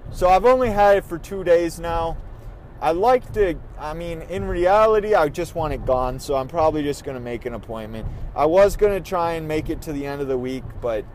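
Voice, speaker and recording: A man's voice: on the high side, expressive, normal speed, slight background noise, low-quality recording. A man vlogging from his car, ranting in an irritated, profane way while he drives. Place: in a car on the road.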